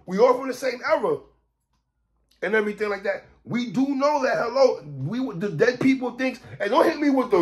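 A man hosting a podcast, ranting in animated commentary, stammering, repeating himself and shouting for emphasis. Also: very high voice, moderate pace. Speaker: podcast host.

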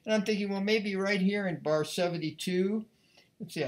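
A man's voice: high voice, normal speed. A man giving a violin lesson, talking casually and thinking aloud between passages. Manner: conversational, thinking aloud as he plays. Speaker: violin teacher. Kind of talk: music lesson. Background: faint violin playing.

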